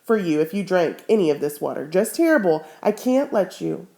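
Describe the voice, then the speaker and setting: A woman reading aloud the lines of a guarded, gentle teenage boy in a storybook, by turns stern and anxious. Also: lowish voice, big pitch swings, brisk. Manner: stern, then anxious and evasive.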